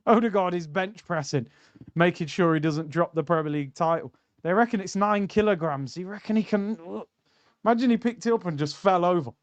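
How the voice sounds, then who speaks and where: A young man hosts a football watchalong, chatting and joking with his viewers. His voice sits a little high and sounds smooth and clear. The sound is dry and close to the mic. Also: fairly quick, dry recording, lo-fi sound. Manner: banter, reacting and reading out chat. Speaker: streamer hosting a football watchalong. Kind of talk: casual live-stream chat.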